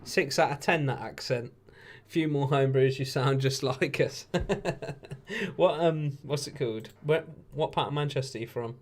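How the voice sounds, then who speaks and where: A man's voice: mid-range voice, moderate pace. Tired man chatting casually. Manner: laid-back, chatty, jokey asides. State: tired, yawning. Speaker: stream host. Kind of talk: casual live watch-along commentary.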